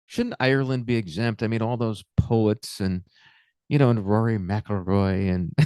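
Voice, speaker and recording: A man's voice: medium pitch, dry recording, clean studio sound. An older man co-hosting a casual political chat show, sarcastic and joking. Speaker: co-host.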